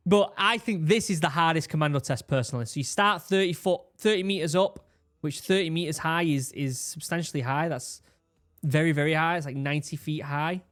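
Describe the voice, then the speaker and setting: A man, a former marine giving casual, animated commentary while reacting to a training video, often restarting his sentences. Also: on the high side, brisk. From England. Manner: animated, exclaiming, with repeated restarts.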